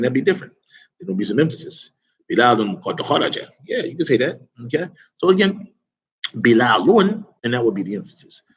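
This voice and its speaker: A man's voice: mid-range voice, muffled recording. A man teaching an Arabic grammar class in a casual, chatty way, often asking the class rhetorical questions.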